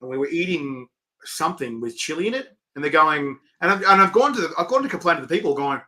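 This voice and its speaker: A man, hosting a casual interview and telling animated stories. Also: fairly high pitch, fast talker. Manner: chatty storyteller, animated, acts out quotes. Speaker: interviewer and chilli event organiser. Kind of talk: casual chat. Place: online video call.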